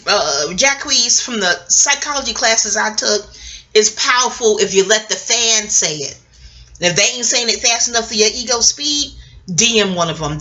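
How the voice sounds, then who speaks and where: A woman's voice: fairly high pitch, sharp tone. A middle-aged woman vlogging in a casual, rambling way, digressing, laughing often and swearing freely.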